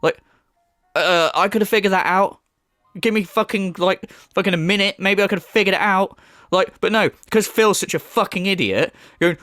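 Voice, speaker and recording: A man's voice: high voice, normal speed, pushed and bright, no echo, clean studio sound, faint music behind. A man giving a profane, mocking rant as a commentary YouTuber. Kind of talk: ranting reaction commentary.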